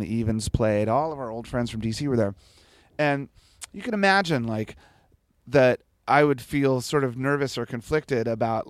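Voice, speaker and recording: A man's voice: medium pitch, dry recording. A man in his forties, telling stories in a casual interview with a lot of swearing and laughter. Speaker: guest musician.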